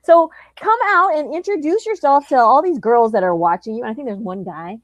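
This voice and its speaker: Encouraging woman host on a video call, slightly high voice, dry close lo-fi sound. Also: moderate pace, dry recording. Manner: affectionate, encouraging. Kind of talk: casual livestream chat. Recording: dull dry lo-fi audio.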